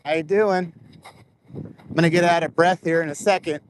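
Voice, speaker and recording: This vlogger talks into a clip-on microphone close to his face while walking laps outdoors, rambling casually and addressing his viewers directly. His a-little-high voice keeps fairly even intonation at normal speed, and there's a little hiss or hum.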